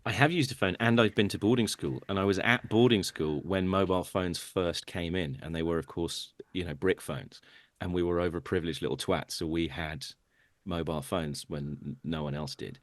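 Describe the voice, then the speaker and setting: A man's voice: deep voice, normal speed, no echo. A man, a comedian guest on a comedy podcast, telling rambling, sardonic stories over a video call.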